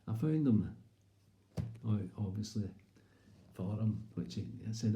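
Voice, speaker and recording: A man's voice: lowish voice, moderate pace, warm tone, slight background noise. A man with a Scottish accent, telling a comic story in a rambling, chatty way. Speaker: comedian. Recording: roomy echo.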